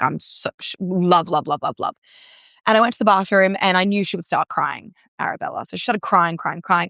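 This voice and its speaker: A woman's voice: fairly low pitch, fairly bright tone, no room sound, studio quality. A young Australian woman, a breathwork guest, telling stories in casual chat full of "like" fillers. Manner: chatty, storytelling, many "like" fillers.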